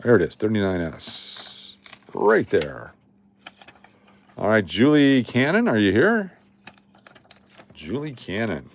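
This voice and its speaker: A man's voice: fairly low pitch, huge pitch swings, slow, pauses often, a little hiss or hum. A middle-aged man from Las Vegas hosting a casual coin live stream, chatting and reading viewer comments aloud. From Las Vegas, Nevada. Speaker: livestream host running coin giveaways.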